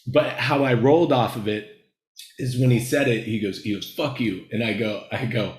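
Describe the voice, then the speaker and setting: A man's voice: medium pitch, normal speed. Rambling, profane male storyteller, roomy sound. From Los Angeles, United States. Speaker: screenwriter guest. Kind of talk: casual storytelling interview. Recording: echoey room.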